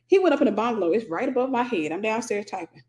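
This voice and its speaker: Animated, joking American woman. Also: on the high side, fast. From United States. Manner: animated, humorous, confessional, laughs often. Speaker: Christian teacher and host. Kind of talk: candid teaching talk with storytelling.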